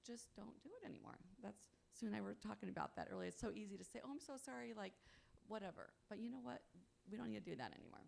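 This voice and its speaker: A woman's voice: mid-range voice, lively intonation, fast, gravelly, a little mellow. A woman speaking at a convention, giving an upbeat motivational talk and often asking her audience "you know what?". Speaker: conference speaker. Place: on stage at a convention.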